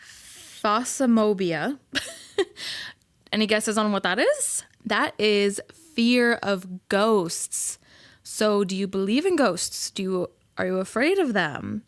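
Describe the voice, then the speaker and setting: A woman chats through a casual solo podcast, giggling often and leaning on fillers. Her voice sits at a middle pitch. It is recorded close and dry, with no room sound. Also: expressive, takes it slowly, no room sound. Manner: chatty, giggly, full of fillers. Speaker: podcast host.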